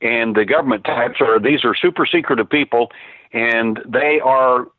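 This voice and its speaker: A man's voice: mid-range voice, moderate pace, dry recording. An older man, a former cop turned private investigator, calling in to tell stories in a rambling way with many fillers and restarts. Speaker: phone-in guest. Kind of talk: casual storytelling. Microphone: telephone. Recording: tinny dry phone line.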